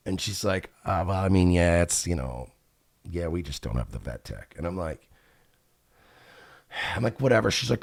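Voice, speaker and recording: A man's voice: lowish voice, no echo, studio quality. A man hosting a radio show, telling a profane, exasperated story and acting out both sides of the conversations. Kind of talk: casual storytelling rant.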